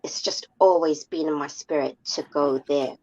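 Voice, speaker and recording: A woman from the United Kingdom calling in to a livestream talk show, speaking in a measured, reflective way. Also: deep voice, warm tone. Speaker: caller. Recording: dull lo-fi call audio.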